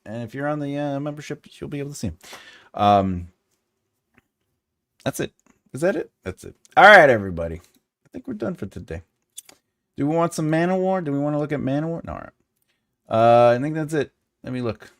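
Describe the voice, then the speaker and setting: A man's voice: medium pitch, big pitch swings, moderate pace, pauses often, fairly bright tone, no echo. A man hosting a casual livestream as a writing teacher, chatty and jokey, chuckling often and greeting viewers by name.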